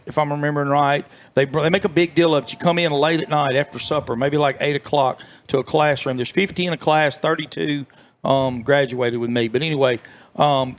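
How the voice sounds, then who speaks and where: A middle-aged man, telling rambling, folksy stories as an interview guest. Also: on the high side. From southern United States. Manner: folksy, rambling, many fillers and restarts. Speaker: interview guest, former FBI agent. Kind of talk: storytelling in a casual interview.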